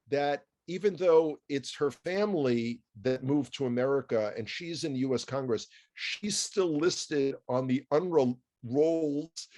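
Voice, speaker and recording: A man's voice: medium pitch, measured pace, hardly any pauses, a little mellow. A man with a New York accent giving a chatty news commentary, wry and full of asides and rhetorical questions.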